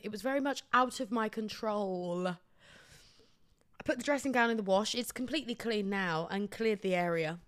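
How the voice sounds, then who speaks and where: A woman's voice: mid-range voice, fairly bright tone. A British woman hosting a podcast, telling a comic story in a blunt, sweary, self-deprecating way. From Britain. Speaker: podcast host.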